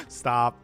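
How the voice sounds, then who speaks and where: A man streaming a game, giving casual commentary full of giggly, self-deprecating banter with his chat. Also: a bit bright.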